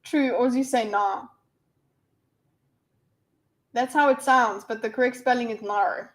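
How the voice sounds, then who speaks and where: A woman's voice: fairly high pitch, fairly even intonation, normal speed, rough recording. Playful South African woman streamer. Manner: rambling, playful, giggly asides. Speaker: streamer commenting on a debate. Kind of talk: casual live-stream commentary.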